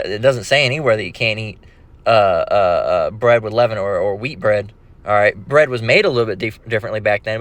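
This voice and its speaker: A man talks through a religious lesson in a loose, conversational way. He rambles, restarts his sentences often and drops in street slang. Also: lowish voice. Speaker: religious teacher. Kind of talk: casual spoken religious lesson.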